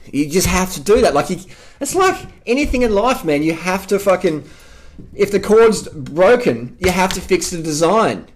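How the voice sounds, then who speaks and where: An Australian man vlogging an unscripted rant, emphatic and profane, hammering his points by repeating phrases. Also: on the high side. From South Australia.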